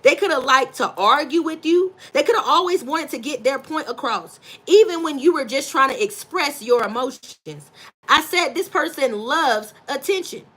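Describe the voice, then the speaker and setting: Bright high-voiced woman tarot reader. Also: animated, moderate pace. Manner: effusive, repeats phrases, calls viewers baby and y'all. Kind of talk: live tarot reading, greeting chat viewers.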